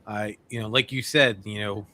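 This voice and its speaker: Excitable male co-host, bright forceful voice, casual banter. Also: fairly low pitch, normal speed. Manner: excitable, laughs easily. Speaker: podcast host. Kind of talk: casual chat.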